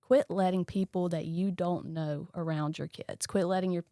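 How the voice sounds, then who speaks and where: A woman's voice: fairly low pitch, steady tone, moderate pace, dark tone, dry recording, studio quality. A woman, a police lieutenant guest on a podcast, giving blunt, emphatic advice in casual chat.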